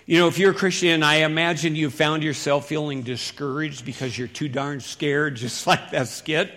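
A middle-aged man preaching a sermon as pastor, in a folksy, conversational way that swings between loud emphasis and quiet asides. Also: a little high, fairly even intonation, moderate pace.

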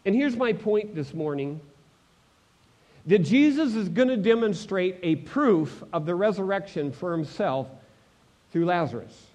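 A man preaching a sermon, swinging between loud proclamations and hushed moments, asking the congregation direct questions. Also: high voice, expressive, unhurried. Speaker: pastor.

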